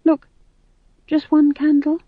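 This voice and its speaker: A woman's voice: high-pitched, monotone, takes it slowly, no echo, pitched above the performer's own voice. A woman voicing an earnest, anxious young female witch who pleads and quavers. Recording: dull dry studio read.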